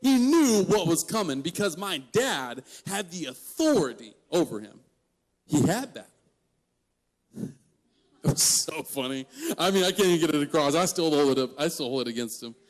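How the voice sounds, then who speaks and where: A man in his twenties giving a storytelling sermon to young people, animated and joking, laughing mid-story. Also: fairly high pitch, moderate pace. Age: 20s. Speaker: guest youth speaker.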